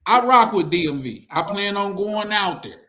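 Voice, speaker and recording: A man hosting a casual group talk, bantering in an animated, slangy way and often laughing. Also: sits high, moderate pace. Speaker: host.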